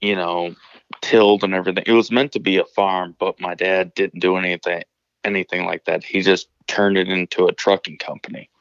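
A man's voice: deep voice, level tone, fairly quick, a bit bright, clear, resonant tone, no room sound, dull audio. A man from Illinois, calling in to a show, telling a story casually, rambling and swearing with many restarts. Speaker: caller telling stories.

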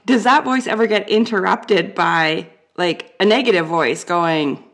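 A woman interviewer asks her questions in a relaxed, easygoing way. She is encouraging and keeps the chat light. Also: fairly low pitch, a little slow, few pauses.

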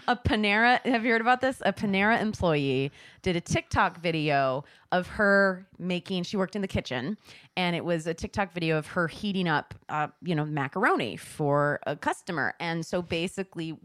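A woman hosting a podcast, telling stories in an animated, casual way and swearing freely. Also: on the low side, moderate pace, no echo, studio quality. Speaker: podcast host.

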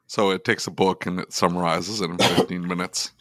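A man co-hosting a podcast who jokes in a dry, deadpan, self-mocking way. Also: low-pitched, a little fast, no room sound. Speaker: podcast co-host. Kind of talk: casual joking chat.

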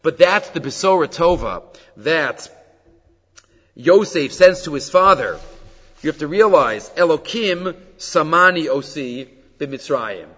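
Guy giving a torah class, high voice, reads hebrew then explains in english, muffled and echoey. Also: measured pace. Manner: animated storytelling, mixing Hebrew quotes with English explanation. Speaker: Torah teacher. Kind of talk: Torah class on the weekly portion. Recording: dull recording with long hall reverb.

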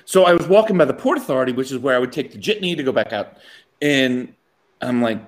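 A man's voice: medium pitch, expressive, fast. A man casually telling a long funny story to a co-host, acting out the people in it and laughing often.

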